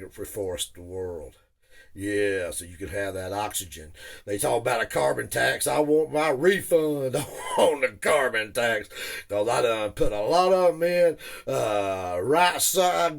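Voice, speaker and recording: A man's voice: fairly low pitch, vocal fry. A man telling a drawling, down-home, joking story about his tree planting days. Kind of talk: folksy storytelling monologue.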